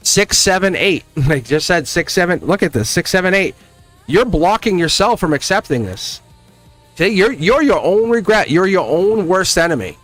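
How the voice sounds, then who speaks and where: A man giving a live-stream tarot reading, emphatic and animated, laughing often and slipping into a scolding teacher tone. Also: high-pitched, moderate pace, faint music behind. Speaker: tarot reader.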